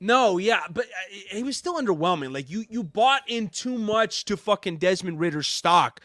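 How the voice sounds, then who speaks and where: Bright-voiced, chatty co-host man. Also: sits high, lively intonation, normal speed, no echo, studio quality. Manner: chatty, laughing analysis. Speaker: podcast co-host. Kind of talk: casual sports podcast banter.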